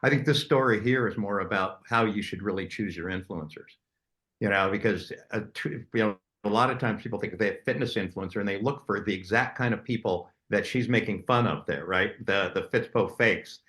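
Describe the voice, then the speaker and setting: A man's voice: fairly low pitch, fairly quick, a bit bright. A man on a casual talk-show panel over a video call. He offers his opinions in a conversational way, often starting with "I think.".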